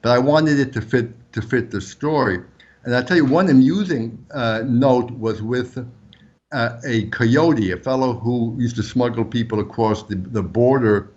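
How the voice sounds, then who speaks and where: A man whose first language is French, a former undercover agent telling lively anecdotes as an interview guest. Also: measured pace, muffled recording. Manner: animated anecdotes, pitch jumps up when quoting. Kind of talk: storytelling interview answers.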